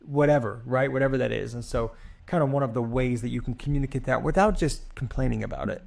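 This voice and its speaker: A man with a mid-range, gravelly, slightly mellow voice talks quickly while co-hosting a casual podcast about marriage. He keeps it conversational, often restarting, repeating words, and acting out snippets of dialogue.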